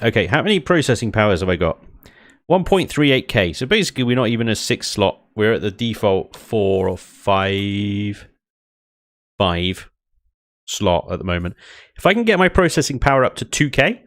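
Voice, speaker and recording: A man's voice: medium pitch, fairly bright tone, no room sound, clean studio sound. A man streaming a space game, thinking aloud, chuckling often and chatting with his viewers. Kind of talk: casual live-stream chat while building in a game.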